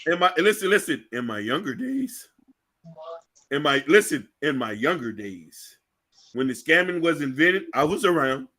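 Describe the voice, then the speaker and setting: Animated joking male talk-show host. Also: on the high side, normal speed. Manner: animated, joking, exaggerated fear. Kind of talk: casual radio talk show chat.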